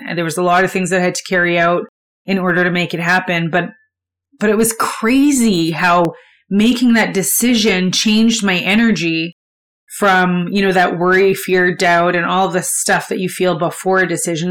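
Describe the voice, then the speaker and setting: A woman's voice: lowish voice, fairly bright tone. A woman hosting a solo motivational podcast, talking candidly and conversationally and swearing freely. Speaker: podcast host.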